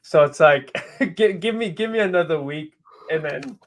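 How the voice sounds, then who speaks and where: A man with a fairly high voice speaks at a normal speed as a guest on a sports podcast. In this casual sports chat he's animated, laughing and repeating himself as he talks.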